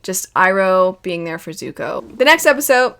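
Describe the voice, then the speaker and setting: A woman hosting a video and giving casual reaction commentary on a cartoon series, animated and emotional and laughing often. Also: lowish voice, normal speed, vocal fry, smooth.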